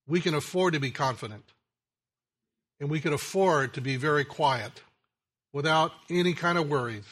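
A pastor preaches a sermon slowly and deliberately, telling a joke story as his phrases sink low and quiet at their ends.

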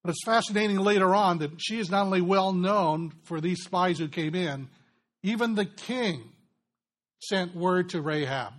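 A man delivers a sermon in an earnest, explanatory way. His voice sits a little high for a man. He gets animated and rises in pitch when he voices the Bible's figures. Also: normal speed. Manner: earnest, builds with rising excitement in quoted passages. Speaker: preacher.

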